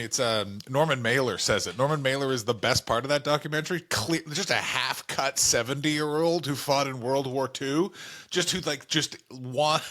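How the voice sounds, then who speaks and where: A man's voice: mid-range voice, fairly bright tone. A male comedian co-hosting a podcast, telling stories animatedly with swearing and mock voices. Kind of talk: casual comedic chat.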